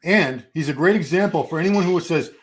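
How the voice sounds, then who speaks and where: A man's voice: fairly high pitch, fairly quick, noisy background. A man hosting a live bodybuilding watch party, speaking in a conversational, wry way. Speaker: host of a bodybuilding channel. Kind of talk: casual live-stream chat.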